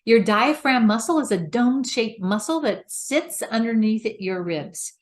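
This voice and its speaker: Woman, middle-aged, voice coach, unhurried delivery, patient step-by-step teaching. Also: fairly high pitch, animated. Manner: patient, explains step by step with demonstrations. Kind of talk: instructional talk.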